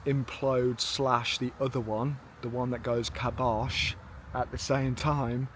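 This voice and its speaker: A man's voice: medium pitch, flat delivery, slow pace, slight background noise. Chatty rambling British man outdoors. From United Kingdom. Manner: rambling, chatty, self-mocking. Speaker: travel vlogger. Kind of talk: casual travel vlog chat. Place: outdoors in a park.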